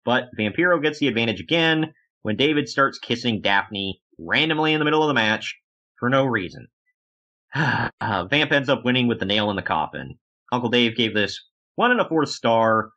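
Guy podcasting casually, bright punchy voice, kinda dull lo-fi sound, jokey and animated. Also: mid-range voice, moderate pace. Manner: animated, jokey, acts out quotes in funny voices. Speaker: podcast co-host reviewing wrestling.

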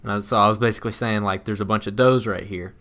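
A man co-hosting a podcast, telling a hunting story in a plain, steady way with sudden excited bursts. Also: lowish voice, fast. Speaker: podcast co-host.

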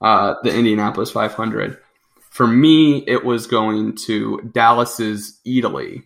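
Podcast co-host, young man, lowish gravelly voice, bright edge, rambling casual chat. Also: a little slow. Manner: rambling, self-correcting.

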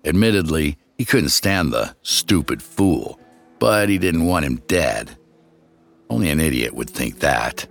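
A man with an extremely deep voice tells a true-crime story in measured, scripted narration, his tone rough with gravel. He now and then turns to address the listener directly. Faint music plays under his voice. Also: fairly bright tone.

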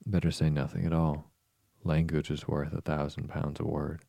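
A man narrating an audiobook in a measured, even way. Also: extremely low pitch, vocal fry, no echo.

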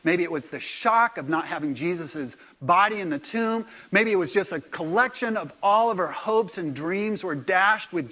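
Storytelling male pastor, slightly high voice. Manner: conversational storytelling, dropping to soft intimate tones. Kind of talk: sermon.

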